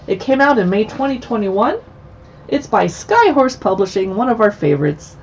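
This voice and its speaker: A woman's voice: on the high side, a little mellow, muffled recording, slight background noise. A woman hosting a casual livestream chat, chatty and playful with joking asides. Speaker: livestream host.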